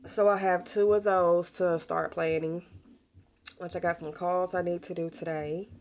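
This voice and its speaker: Young adult woman, lower register, casual and talkative vlog delivery. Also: little pitch movement, a little slow, slight background noise. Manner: chatty, warm storytelling with Southern US slang. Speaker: pregnant vlogger. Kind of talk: casual chat to camera.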